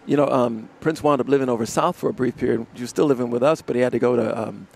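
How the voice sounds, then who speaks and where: A man, a musician guest in a live radio interview, telling animated stories and laughing often. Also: mid-range voice, quick pace, vocal fry. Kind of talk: casual storytelling interview. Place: outdoors in front of a music studio complex.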